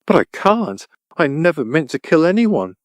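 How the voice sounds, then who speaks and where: A man's voice: mid-range voice, expressive, moderate pace, no room sound, natural voice. A man voicing a meek, earnest young girl who pleads with a trembling voice. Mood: tearful.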